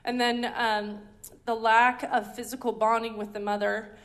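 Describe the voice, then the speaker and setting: A woman's voice: fairly high pitch, level tone, a little slow, a bit bright. A woman giving a conversational teaching talk at a ministry school, chatty and full of ums and restarts. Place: indoor teaching hall.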